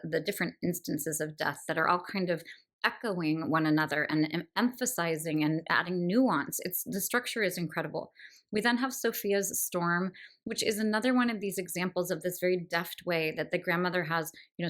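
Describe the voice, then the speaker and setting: A woman's voice: fairly low pitch, fairly quick, fairly bright tone. A woman hosting a book podcast, talking through a novel with admiring enthusiasm and thoughtful asides. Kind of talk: literary discussion monologue.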